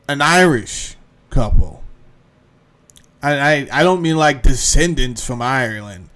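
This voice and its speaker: A man's voice: medium pitch, slow, pauses often, clean tone. A man hosting a podcast, telling a comedic story with lots of profanity and acted-out quotes. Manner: profane, animated, acts out quotes. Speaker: podcast host.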